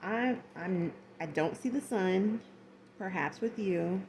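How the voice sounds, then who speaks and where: A tarot reader gives a casual reading, chatty and full of slang, acting out little scenes as she goes. Her voice is medium-pitched, slow and darkish, with slight background noise.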